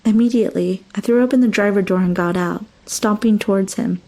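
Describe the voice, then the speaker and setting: A woman's voice: medium pitch, brisk, few pauses, mellow. A young woman narrating a first-person horror story with dramatic, emotional delivery.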